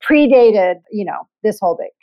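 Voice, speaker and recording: A woman's voice: medium pitch, expressive, moderate pace, dry recording, dull audio. A woman, a touring musician, casually filling in details of a shared tour story. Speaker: guest musician.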